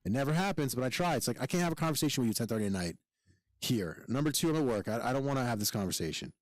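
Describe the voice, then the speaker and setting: A man's voice: medium pitch, lively intonation, racing, no echo. Male co-host, firefighter, blunt and profane storyteller, dry close sound. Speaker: podcast co-host. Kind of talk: casual chat.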